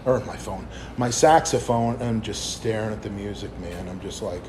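A man's voice: on the low side, normal speed. A man in his forties giving a candid, rambling testimony sermon to young people, often stopping to restart his sentences. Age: 40s. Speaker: youth speaker. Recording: steady background noise.

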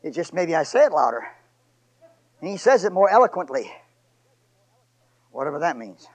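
A man preaching a sermon in church, swinging from loud shouts to near whispers, with joking asides to the congregation. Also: a little high, big pitch swings, normal speed, low-quality recording. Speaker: pastor. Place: church sanctuary.

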